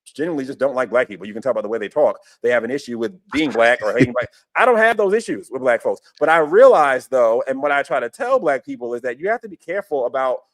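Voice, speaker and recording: A man's voice: medium pitch, animated, fast talker, hardly any pauses. A man hosting a podcast in casual commentary, emphatic and repeating his phrases. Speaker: podcast host.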